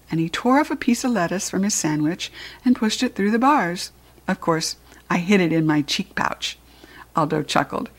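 A woman's voice: lowish voice, expressive, moderate pace. Woman reading a children's storybook. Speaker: narrator. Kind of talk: storybook read-aloud.

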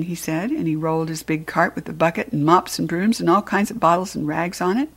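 A woman reading a children's storybook aloud in a gentle, expressive way. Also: lowish voice, normal speed, few pauses, slightly rough. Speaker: narrator.

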